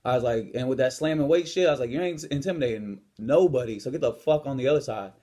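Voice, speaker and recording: A young man hosting his own coaching show, telling a story in a blunt, profane way and acting out confrontations with sudden loud outbursts. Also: mid-range voice, quick pace. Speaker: podcast host, lifestyle and health coach. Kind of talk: casual storytelling monologue.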